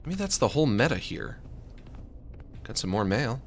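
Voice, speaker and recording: A man's voice: mid-range voice, sing-song, moderate pace, slight background noise. A man streaming a game, rambling and joking, with panicky yelps when chased. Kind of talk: let's play commentary.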